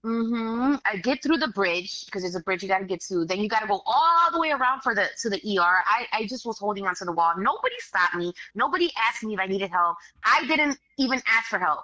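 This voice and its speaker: A woman, a guest telling a story in casual animated talk, acting out the voices of others. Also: mid-range voice, fairly quick, few pauses. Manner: animated, acts out quoted voices, swears casually.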